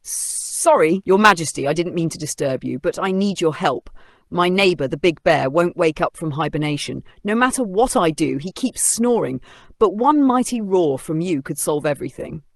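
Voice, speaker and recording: A tiny, brave little mouse with a high, squeaky voice and a gravelly edge, put on by a storybook narrator. He pleads and calls out in small, eager bursts. The sound is close and dry, with no room around it. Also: animated, normal speed, no room sound. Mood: pleading.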